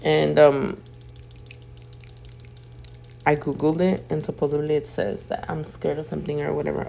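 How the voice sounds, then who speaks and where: A woman nail artist recording a casual voiceover at home while doing her makeup. She sounds sleepy because she just woke up, clears her throat now and then, and tells her stories in chatty, profane slang. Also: low-pitched, level tone, moderate pace, pauses often, background noise. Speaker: nail artist and video host.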